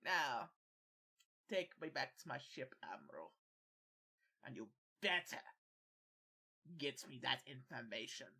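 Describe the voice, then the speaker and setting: A man doing a hushed, sinister old emperor. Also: medium pitch, very animated, takes it slowly, long pauses, husky, exaggerated voice. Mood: menacing.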